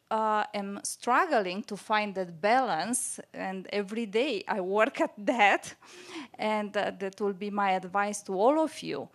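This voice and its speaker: Woman doctor on a panel, thoughtful and earnest, mid-range voice. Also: medium pitch. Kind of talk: panel discussion.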